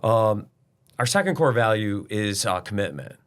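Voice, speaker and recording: A middle-aged business owner, a guest in a casual interview, talks bluntly and emphatically, swearing now and then. His voice is fairly low and animated, at normal speed.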